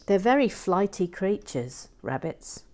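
A woman hosting a Lego build channel, reading viewer comments playfully and whispering softly while building. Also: medium pitch, sing-song, a little slow, slight background noise. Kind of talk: casual chat and soft whispered building commentary.

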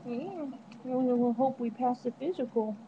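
A woman's voice: mid-range voice, measured pace, narrow, tinny audio, noisy background. A woman vlogging from a hotel room into her netbook webcam, chatty and rambling, laughing often. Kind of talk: casual webcam diary. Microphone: netbook webcam microphone.

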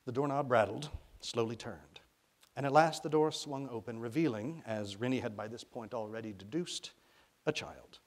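Man reading a children's novel aloud. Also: normal speed. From Arkansas. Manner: expressive storytelling, rising for suspense and dropping low for quiet reveals. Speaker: author reading his own fiction. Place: college reading event.

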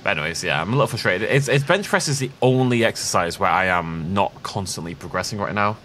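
A man's voice: lowish voice, lively intonation, fast, a bit bright, a little hiss or hum. A man chatting casually while playing a game, rambling and self-deprecating. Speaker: let's play host. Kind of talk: casual gameplay commentary.

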